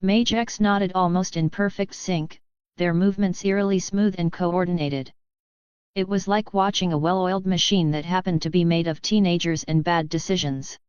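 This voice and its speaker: A woman reading scripted audiobook narration in an even, steady way. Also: on the low side, moderate pace, clean tone, no echo, lo-fi sound.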